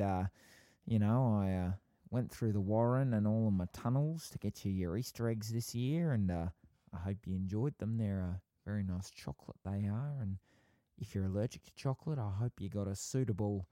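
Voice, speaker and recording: A man's voice: fairly low pitch, dark tone, no room sound, close to an everyday voice. Man putting on a chummy Australian Easter Bunny. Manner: folksy, rambling farewell to listeners. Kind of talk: comic impression on a podcast.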